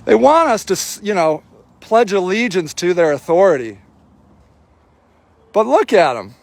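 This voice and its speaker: A man's voice: sits high, big pitch swings, a little slow, gravelly, darkish tone. A man filming a livestream outdoors, giving indignant, sarcastic running commentary and swearing freely. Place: outdoor homeless camp in snowy cold.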